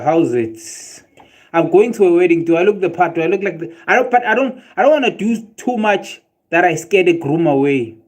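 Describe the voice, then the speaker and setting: High-voiced South African man ranting on stream. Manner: animated ranting, swearing and laughing at chat. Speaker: livestreamer. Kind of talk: casual livestream chat.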